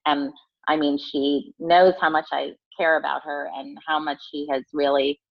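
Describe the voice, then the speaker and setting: Low voiced woman in her 40s, halting and heartfelt, keeps restarting, dry and kinda muffled sound. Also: level tone, gravelly, dry recording. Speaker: guest. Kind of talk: personal storytelling interview.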